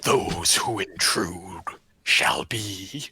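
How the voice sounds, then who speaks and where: A man voicing a menacing male dragon villain, speaking slowly with a hissing, booming delivery in a tabletop game. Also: huge pitch swings, bright, forceful tone, slightly rough, no room sound, full character voice.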